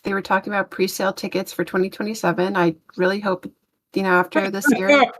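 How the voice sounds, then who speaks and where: A woman's voice: mid-range voice, steady tone, fast. A woman co-hosting a podcast who rambles through a casual, exasperated rant, full of fillers and restarts, with blunt swearing. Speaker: podcast co-host.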